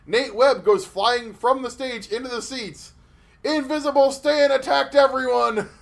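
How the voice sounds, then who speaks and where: A man co-hosting a casual podcast, telling stories in an animated way with lots of swearing and restarts. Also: very high voice, unhurried, gravelly. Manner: animated storytelling with profanity and restarts. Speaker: podcast co-host.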